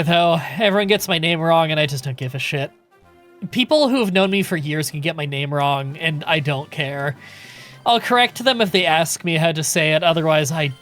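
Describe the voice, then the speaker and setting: Laid-back man chatting on a game stream. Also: high voice. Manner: relaxed and chatty, swears casually, answers chat questions. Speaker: streamer playing a game and reading chat. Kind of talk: casual live-stream chat.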